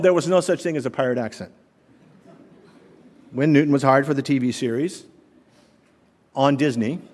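A middle-aged man preaching a sermon as pastor, animated, asking the congregation rhetorical questions. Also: a little high. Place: church sanctuary. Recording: long reverb of a large hall.

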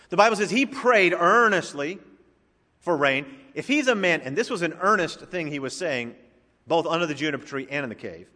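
Pastor, male, fairly high voice, lively emphatic preaching, reverberant church sanctuary. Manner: preacherly, swings from soft asides to loud emphatic lines. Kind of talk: sermon.

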